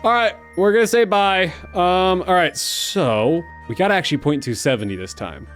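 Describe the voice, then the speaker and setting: A young man giving excitable let's-play commentary as he plays, talking to himself and his viewers, often stammering and restarting his sentences. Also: high voice, normal speed, faint music behind. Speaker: gaming YouTuber.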